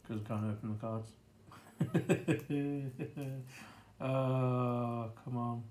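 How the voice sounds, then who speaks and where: A British man hosting a board game unboxing, chatting casually and getting easily excited, laughing to himself. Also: medium pitch, drawn-out words, slight background noise.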